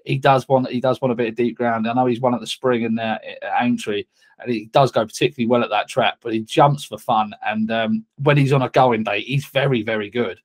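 A man talks through his racing picks in a relaxed podcast chat. He hesitates often, restarting his sentences. His voice sits in an ordinary middle pitch. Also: fairly quick. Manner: hesitant, many restarts and fillers. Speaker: racing tipster.

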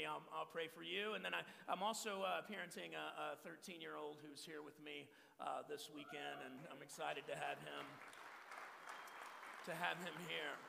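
A man in his forties from Texas, a pastor preaching a joking, energetic sermon to men and repeating his key phrases. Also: on the high side, creaky, in a large hall. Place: church hall.

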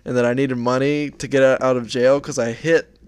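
A man's voice: mid-range voice, level tone, normal speed, clear, resonant tone, no echo. A young man co-hosting a podcast in casual chat, rambling through stories and laughing as he goes. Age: young adult. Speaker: podcast co-host.

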